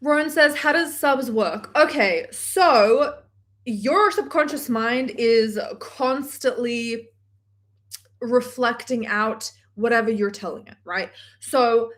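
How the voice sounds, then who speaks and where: Speaking slowly in a voice on the high side, a manifestation coach goes live from her home workspace. She reads comments from the chat aloud, gushing animatedly and dropping casual swear words.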